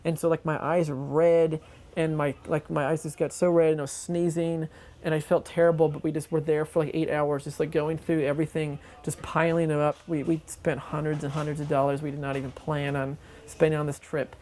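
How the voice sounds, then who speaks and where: An interviewee telling a long anecdote for a documentary in an excitable, rambling way, full of fillers. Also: mid-range voice, fairly quick.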